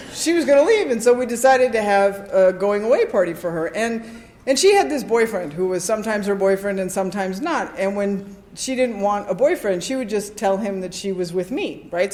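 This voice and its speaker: A woman speaking at a recovery convention, sharing her story with an animated, comic storytelling style and frequent "right?" asides to the audience. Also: mid-range voice, echoey room. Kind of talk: personal recovery share before a live audience. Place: convention hall with a live audience.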